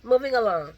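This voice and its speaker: A woman recapping a soap opera in casual late-night chat, blunt and sassy, talking straight to her viewers and acting out characters' lines. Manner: sassy, blunt, talks to viewers as "girl" and "guys"; acts out characters' lines with big pitch jumps.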